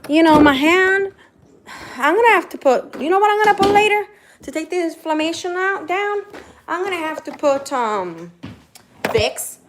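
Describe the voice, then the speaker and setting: A woman vlogging casually, retelling a mishap in an exasperated, animated way. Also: very high voice, normal speed, slight background noise. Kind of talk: casual vlog storytelling.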